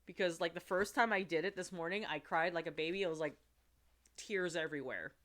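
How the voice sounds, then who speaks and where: A woman's voice: lowish voice, a little fast, fairly bright tone. A woman streamer chatting casually with her viewers, giggling often and talking with lots of fillers. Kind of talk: casual chat on a livestream.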